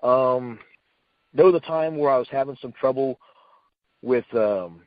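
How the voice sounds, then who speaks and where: A man's voice: mid-range voice, measured pace, dry recording. Middle-aged guy telling stories, lots of um and uh, kinda muffled lo-fi sound. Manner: rambling, many fillers and restarts, acts out quotes. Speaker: retired wrestler guest. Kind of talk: casual storytelling.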